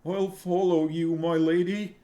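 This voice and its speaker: A man reading a novel aloud and voicing a starving male serf who speaks flatly and hopelessly, at times quavering. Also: medium pitch, moderate pace, close to an everyday voice. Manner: flat, dead-voiced, then quavering.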